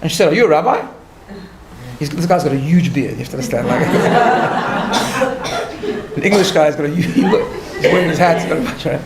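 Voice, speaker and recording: A man, a rabbi, giving a conversational lecture, telling a story in an animated way with light laughter at his own asides and frequent restarts. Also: on the high side, moderate pace, pauses often, reverberant, a crowd in the background. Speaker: rabbi teaching a class.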